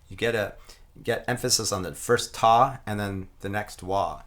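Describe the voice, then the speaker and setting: A man teaching a didgeridoo rhythm, calmly explaining and chanting the rhythm syllables aloud. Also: lowish voice, moderate pace, background noise. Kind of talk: explaining a playing technique.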